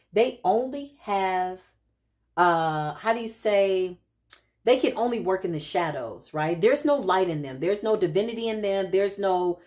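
A woman with a fairly low voice gives a relaxed tarot reading straight to her audience. She talks in a loose, chatty way and keeps tagging her points with quick questions to the listener. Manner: chatty, addresses viewers directly with frequent tag questions. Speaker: intuitive spiritual reader. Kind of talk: casual tarot reading to camera.

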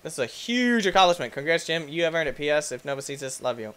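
A young man giving excitable let's-play commentary as a gaming YouTuber, yelping and shrieking when things go wrong. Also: fairly high pitch, fairly quick. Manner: excitable, yelps and shrieks at in-game deaths.

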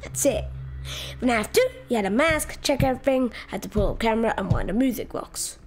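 A woman doing let's-play game commentary in an excitable, loud way, jumping between shouting and muttering. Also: fairly high pitch, brisk, a little hiss or hum. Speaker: gamer.

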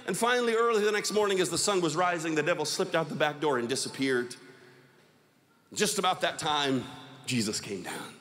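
Animated male preacher telling a story. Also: a little high, brisk, in a large hall, slight background noise. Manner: dramatic, teasing the audience. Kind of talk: sermon storytelling.

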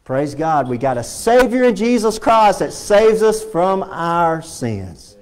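A man's voice: sits high, sing-song, slow, a little mellow. A man with a Texan accent preaching a fervent sermon as pastor in a church, repeating his points and rising to emphatic peaks. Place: church sanctuary.

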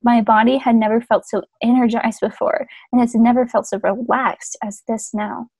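A woman with a bit higher than usual voice reads a story aloud to friends over a video call, giggling and tripping over the lines. Her voice is dry and close, with no room sound around it. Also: steady tone, darkish tone, breathy edge, dry recording, poor audio. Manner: giggly, reads aloud haltingly, self-conscious. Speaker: reader in a group fanfic reading. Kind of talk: casual chat and reading aloud.

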